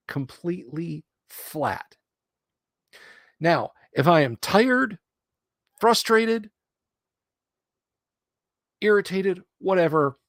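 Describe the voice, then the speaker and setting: A man's voice: mid-range voice, dry recording, clean studio sound. Man rambling on a casual stream. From Alabama, US South. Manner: rambling and conversational, with frequent pauses and restarts. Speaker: streamer host. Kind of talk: casual livestream chat. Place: home studio room.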